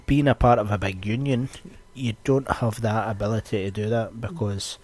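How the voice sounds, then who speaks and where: A young Scottish man hosting a podcast, ranting in a loose, sweary, storytelling way. His voice sits fairly low and has a husky edge. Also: steady tone, moderate pace, darkish tone. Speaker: podcast host. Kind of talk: casual podcast chat.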